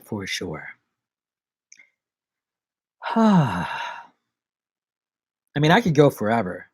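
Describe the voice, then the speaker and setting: A man's voice: mid-range voice, huge pitch swings, drawn-out words, a little mellow, slightly rough, dry recording. A man chatting casually on a live stream, rambling from one joke and bit of wordplay to the next.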